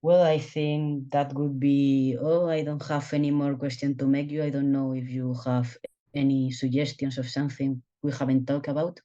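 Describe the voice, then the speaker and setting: A man's voice: medium pitch, level tone, moderate pace, mellow, dull audio. A man working as an interviewer, wrapping up the conversation with brief remarks. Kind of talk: casual interview talk.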